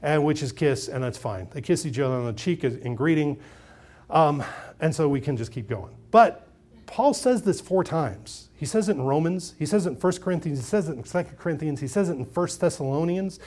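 Conversational male preacher, slightly high voice. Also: expressive, fairly quick. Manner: conversational preaching, swings from loud emphasis to quiet asides; repeats and restarts phrases, light chuckles. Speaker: pastor. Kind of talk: sermon.

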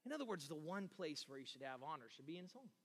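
A man preaching a sermon as pastor, talking emphatically and building to loud shouts. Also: a little high, very animated, quick pace. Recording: long reverb of a large hall.

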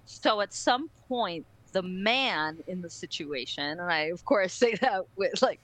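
A woman co-hosting a podcast, telling a story in a casual, animated and profane way and acting out other people's voices. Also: lowish voice, unhurried, low-quality recording. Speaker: podcast co-host.

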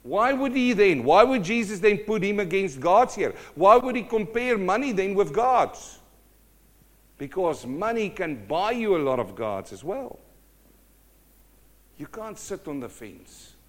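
A middle-aged man preaching a sermon, telling stories with lively acted-out voices. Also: sits high, a little slow. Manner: animated storytelling, acts out quoted voices.

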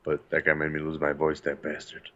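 A man's voice: extremely low pitch, completely flat delivery, a little fast, bright, forceful tone, highs cut off. A man co-hosting a casual podcast, laid-back, giving short replies and the odd swear. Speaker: podcast co-host. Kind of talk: casual chat.

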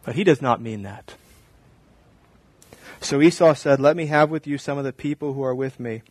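A man, a pastor, preaching a sermon, shifting from quiet reflective teaching to loud mocking mimicry. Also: mid-range voice, normal speed, no echo.

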